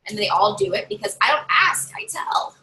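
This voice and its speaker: A woman's voice: medium pitch, sing-song, normal speed, bright, forceful tone, slight background noise, low-quality recording. A woman giving casual how-to tips to camera as a party sales consultant, chatty and bossy, talking from her desk at home. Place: home desk with a drawer and her dog nearby.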